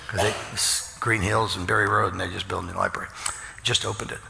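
An older man preaching in a folksy, joking way, telling stories with quick asides. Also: lowish voice, steady tone, gravelly, background noise. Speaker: pastor. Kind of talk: storytelling sermon. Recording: long reverb in a large hall.

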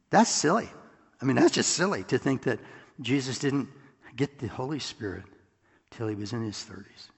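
A man preaching a sermon in an animated way, with chuckling asides and rhetorical questions to the congregation. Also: medium pitch, normal speed, vocal fry, husky, long reverb tail.

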